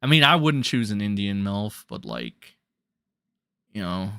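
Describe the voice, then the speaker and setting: Crude, animated man livestreaming. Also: fairly low pitch, a little slow, clean tone, no echo, clean studio sound. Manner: crude, rambling, mocking, swears a lot. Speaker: livestream host reading chat. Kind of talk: casual livestream commentary.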